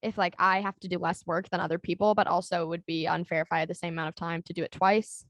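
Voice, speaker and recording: A woman's voice: on the low side, little pitch movement, fairly bright tone, dry recording, studio quality. A young adult woman telling a long story in casual chat as a podcast co-host, rambling with lots of "like" and "um". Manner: rambling storytelling full of "like" and "um", quick laughs.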